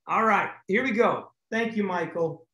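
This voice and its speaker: An upbeat man hosts a group video call, his voice pitched high for a man. He cheers people on and steers them along gently. The sound is echoey, from a room heard through the call. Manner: upbeat, encouraging, quick to cut in. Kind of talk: casual chat.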